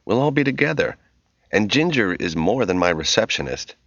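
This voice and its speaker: A man's voice: lowish voice, very animated, normal speed, a bit bright, slightly rough, no echo, exaggerated voice. A man voicing a harried divorced father who keeps his temper in check, in an audiobook reading. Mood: coaxing. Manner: restrained, exasperated, teasing. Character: harried divorced father, patient but strained. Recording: dull, muffled audio.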